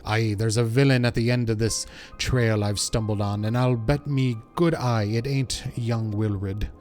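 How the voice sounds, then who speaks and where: A man reading the part of a gruff, blunt mercenary officer in a game, speaking the written dialect plainly. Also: mid-range voice, fairly even intonation, unhurried, a little mellow, soft background music, lightly acted. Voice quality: rough working-class dialect as written. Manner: plain read-aloud delivery.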